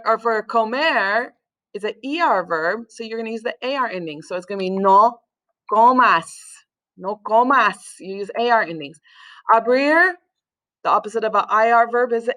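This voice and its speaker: Brief: female teacher, a bit high-pitched, patient explainer with fillers. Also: sharp tone. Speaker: Spanish teacher. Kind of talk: recorded classroom lesson.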